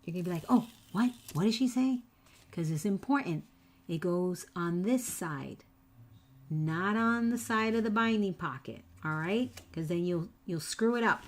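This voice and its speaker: A woman's voice: fairly low pitch, moderate pace. A woman hosting a live craft tutorial, chatty and teasing, repeating each step to her viewers. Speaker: papercraft tutorial host.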